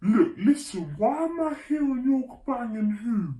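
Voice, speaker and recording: A young woman voicing her outraged teenage best friend, loud and emphatic. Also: a little high, sing-song, unhurried, reverberant. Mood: indignant.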